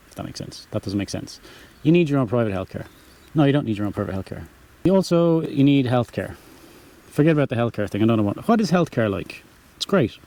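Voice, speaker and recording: Man, Dublin Irish accent, young adult, casual chat, rambling, self-correcting, mellow voice. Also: medium pitch. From Ireland. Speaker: channel host answering viewer questions.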